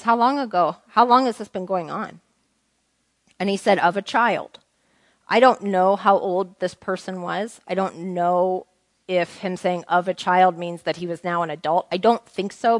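A woman's voice: on the low side, dry recording. A woman teaching the Bible to a small group in a conversational way, asking them questions and reading scripture aloud.

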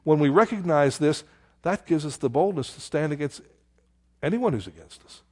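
Male preacher, slightly high voice, lively, teaching-style sermon with rhetorical questions. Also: normal speed. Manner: animated and conversational, rhetorical questions, exclaims "how stupid". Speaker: pastor. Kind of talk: expository sermon.

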